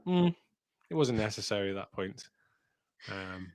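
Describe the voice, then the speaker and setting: A man's voice: fairly low pitch, expressive, unhurried. A man hosting a running podcast from his home office, chatting casually and laughing at himself. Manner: chatty, laughing, self-mocking. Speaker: podcast host. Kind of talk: casual chat.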